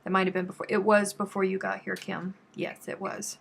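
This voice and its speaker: Gravelly chatty woman. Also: mid-range voice, flat delivery, brisk, a little hiss or hum. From Texas. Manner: chatty, reads out and answers viewer comments. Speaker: crochet live stream host. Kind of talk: casual live-stream chat while crafting.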